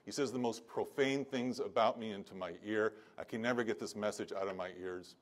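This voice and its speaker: A man's voice: on the low side, a little fast, lightly acted. A man voicing a tormented traveler who complains and hesitates. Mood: complaining. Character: tormented man, weary and reluctant.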